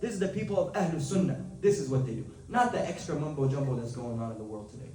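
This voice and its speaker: A man's voice: mid-range voice, lively intonation, mellow, slight background noise. A man teaching a class in a casual, conversational way, often asking his students questions. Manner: conversational, asks the class questions, switches to rapid text reading. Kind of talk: classroom lesson. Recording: echoey room, mic at a distance.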